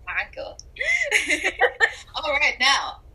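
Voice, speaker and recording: A young woman co-hosting a podcast in casual chat, giggly and gushing with excitement. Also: sits high, very slow, rough recording. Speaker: podcast co-host.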